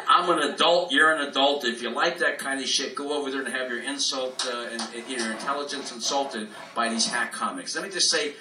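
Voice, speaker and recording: A man works a live room in a profane, rambling stand-up rant, jumping between tangents as he ad-libs. His voice is sharp and tense. It sounds distant and roomy, with a faint hum of the room behind him. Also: medium pitch. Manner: profane, rambling free-form ad-lib rant. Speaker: stand-up comedian. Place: club room, live in front of an audience.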